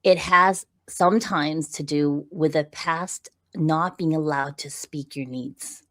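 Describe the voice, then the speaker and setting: Middle-aged woman with a low voice, lively coaching tone, keeps checking the listener follows. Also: takes it slowly. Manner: animated and explanatory, frequent "right?" check-ins. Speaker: podcast guest, visibility coach. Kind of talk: conversational interview.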